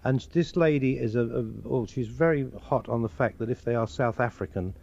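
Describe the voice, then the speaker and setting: An English man, a radio guest, chatting and telling anecdotes with lively put-on regional voices. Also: medium pitch, brisk, gravelly. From England. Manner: animated storyteller slipping into mimicked regional voices. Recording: dull lo-fi 1980s radio broadcast.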